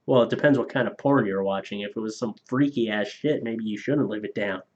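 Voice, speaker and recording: A man in a relaxed live-stream chat, reading viewer donations aloud. His talk is loose and profane, and he laughs at his own jokes. The stream audio is a little dull and lo-fi. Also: fairly low pitch, a little fast.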